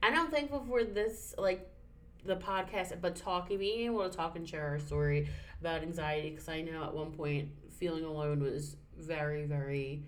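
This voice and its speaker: A woman co-hosting a casual podcast, open-hearted and quick to laugh or get emotional. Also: deep voice. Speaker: podcast co-host. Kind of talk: casual chat.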